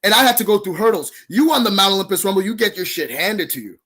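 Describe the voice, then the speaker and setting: Shouting, accusing high-voiced man. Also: lively intonation, fast, slightly rough. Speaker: professional wrestler guest. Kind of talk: heated in-character wrestling promo.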